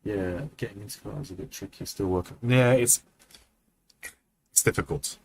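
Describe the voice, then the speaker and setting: A man with a low voice runs an animation feedback livestream in a relaxed, chatty way. He thinks aloud with plenty of ums and acts out poses as he goes. There is a faint hiss of noise behind him. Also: moderate pace. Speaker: animation mentor reviewing student work.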